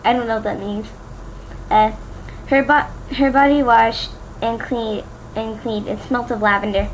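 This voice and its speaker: A woman's voice: a little high, fairly even intonation, a little slow, slight background noise, rough recording. Young woman stumbling through a fan fiction reading. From Louisiana. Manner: stumbling, rereading lines, chatty asides. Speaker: amateur reader.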